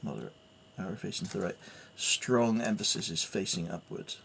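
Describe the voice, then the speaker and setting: A man's voice: low voice, very animated, brisk, vocal fry, a bit bright, slight background noise. A man thinking aloud as he works through piano theory, reading notes and musing hesitantly with fillers. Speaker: piano learner. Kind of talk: thinking aloud while studying music theory.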